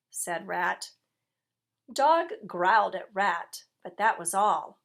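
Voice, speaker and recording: A woman reading a picture book aloud to children, gently pausing to ask her listeners questions. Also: medium pitch, lively intonation, gravelly.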